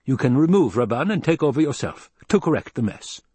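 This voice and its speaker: A man's voice: medium pitch, big pitch swings, brisk, darkish tone, breathy edge, no echo, pitched above the performer's own voice. A man voicing an old male soldier spy and adviser, speaking in a clipped, insistent, lecturing way in a storybook reading.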